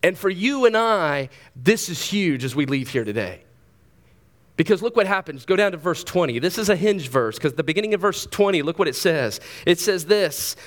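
This thirty-something man delivers his sermon in a chatty, animated style, full of rapid side comments and repeated words. He speaks with a high voice.

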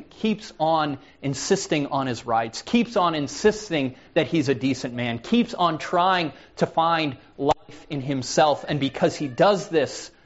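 An earnest male preacher with a slightly raised voice who often repeats a word as he begins a phrase. The recording sounds a bit dull and lo-fi. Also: a little high. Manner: earnest, repeats words when starting phrases. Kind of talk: sermon.

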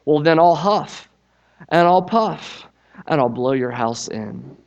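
A man voicing a hungry, cross big bad wolf from a storybook, shouting his threats loudly with a raised voice. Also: very high voice, sing-song, normal speed, lo-fi sound, voice pushed up.

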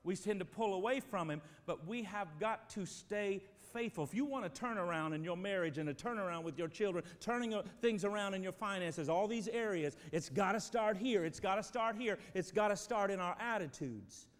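Pastor, male, high voice, emphatic sermon delivery, big echoing church sound. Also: brisk, hardly any pauses. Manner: emphatic preaching, swings from loud to quiet. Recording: long reverb of a church hall.

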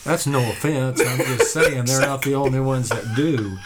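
A man's voice: medium pitch, normal speed. Easygoing pastor guy talking, lots of hiss behind him. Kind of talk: casual chat.

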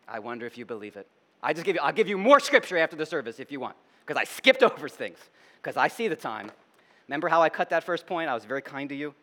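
A middle-aged male pastor preaching a sermon, moving between loud emphatic declarations and hushed reflection, with conversational asides. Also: fairly high pitch, sing-song, fast talker, long reverb tail. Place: church sanctuary.

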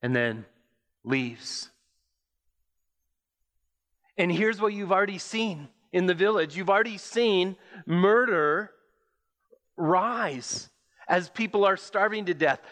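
A man preaching a sermon, telling an imagined story slowly and deliberately, with pauses. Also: sits high, animated, a bit bright. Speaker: pastor. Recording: long hall reverb.

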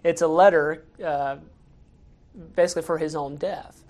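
A man's voice: fairly high pitch, fairly even intonation, moderate pace, a little mellow. Male pastor, casual sermon delivery, chatty storyteller with frequent fillers and restarts. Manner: conversational, acts out quotes in raised voices, many fillers.

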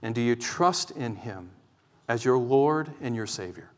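A man preaching a sermon from the pulpit, earnest and pleading, moving between urgent exhortation and quieter teaching. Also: mid-range voice, lively intonation, a little slow. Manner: impassioned, pleading, swings from loud exhortation to quiet explanation. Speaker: pastor. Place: church. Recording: long reverb of a church hall.

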